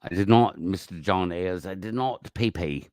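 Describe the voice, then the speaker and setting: A man hosting a casual livestream, talking in a rambling, profane way that swings from mumbled asides to loud outbursts, on a close mic. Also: sits low, measured pace, no echo. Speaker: livestream host.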